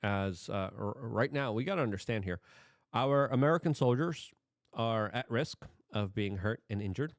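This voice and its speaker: A man's voice: medium pitch, moderate pace, no echo, clean studio sound. A man hosting political commentary, talking emphatically and firing off rhetorical questions.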